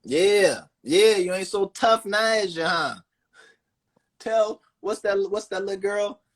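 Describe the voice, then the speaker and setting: A man hosting a livestream, ranting in an animated, profane and sarcastic way, talking into a phone. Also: high voice, takes it slowly. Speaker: livestream host. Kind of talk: casual livestream rant.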